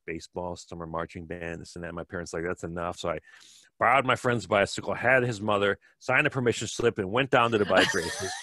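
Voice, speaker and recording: A man's voice: fairly low pitch, bright, forceful tone, dry recording. A middle-aged man from Wisconsin, a podcast guest telling stories in a rambling, casual way with many fillers and restarts. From Wisconsin, USA. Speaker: podcast guest, bike fitter. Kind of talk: casual storytelling.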